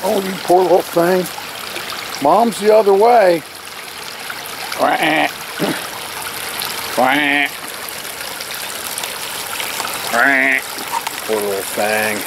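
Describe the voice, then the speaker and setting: A man outdoors by a creek, gently coaxing a lost duckling and a squirrel while filming. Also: high voice, big pitch swings, a little slow. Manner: coaxing, soft-spoken, talks to animals like pets. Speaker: nature vlogger. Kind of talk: casual talk to animals. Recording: outdoor camera audio with stream noise.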